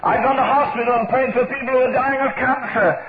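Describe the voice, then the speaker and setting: High-voiced older preacher, fiery sermon. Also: male voice, fairly even intonation, fast, noisy background. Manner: impassioned, emphatic, repeating phrases for force. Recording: tinny phone-like recording with loud crowd.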